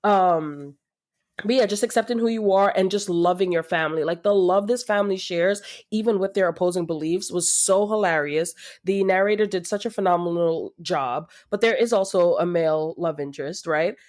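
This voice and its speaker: A woman's voice: on the low side, moderate pace, darkish tone. A woman co-hosting a podcast, gushing in casual chat and laughing often. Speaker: podcast co-host. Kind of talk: casual book-review chat.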